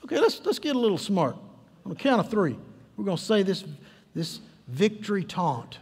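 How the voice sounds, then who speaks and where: A high-pitched man preaches a lively sermon, teasing and coaxing his congregation along. His voice rings through a church sanctuary with a long reverb tail. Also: normal speed, breathy edge. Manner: playful, coaxing the congregation, emphatic storytelling. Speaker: pastor.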